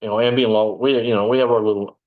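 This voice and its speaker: A man's voice: lowish voice, fairly even intonation, fast, phone-quality sound. A man from Texas, a former police officer telling his story in a casual interview, rambling and digressive with lots of "you know".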